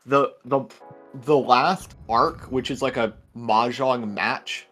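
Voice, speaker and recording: A man chatting casually as a guest, rambling in a relaxed way with lots of filler words. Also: mid-range voice, slow pace, soft background music. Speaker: guest co-host. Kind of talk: casual chat.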